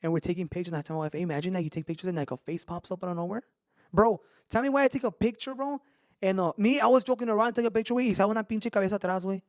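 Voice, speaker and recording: A man telling scary stories on a casual podcast, animated, swearing and slipping into slang. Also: sits high, racing, no room sound, studio quality. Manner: animated, swears a lot, mixes in Spanish slang. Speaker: podcast host. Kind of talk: casual storytelling chat.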